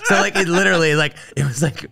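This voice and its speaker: A man, an Army veteran, telling a story as a podcast guest with animated, filler-heavy talk. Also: on the high side, fast, creaky. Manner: animated, full of fillers like "like" and "you know". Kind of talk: casual storytelling interview.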